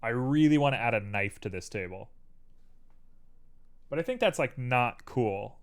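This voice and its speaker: A man's voice: mid-range voice, expressive, unhurried, clear, resonant tone. A man hosting a live stream, casually chatting and thinking aloud to viewers as he builds a 3D model.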